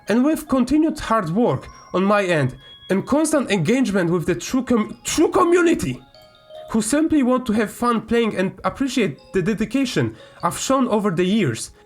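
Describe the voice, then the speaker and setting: A man, a gaming YouTuber, reads a statement aloud and breaks into heated, swearing commentary. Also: high voice. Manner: heated, swearing, flares up loudly. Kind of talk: reading aloud and ranting commentary.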